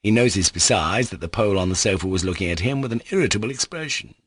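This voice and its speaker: A man reads a classic novel aloud in an audiobook, his voice low and richly varied in pitch. The recording is dry and close, with no room sound. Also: lively intonation, fast, husky, no room sound. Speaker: audiobook narrator. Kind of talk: scripted narration.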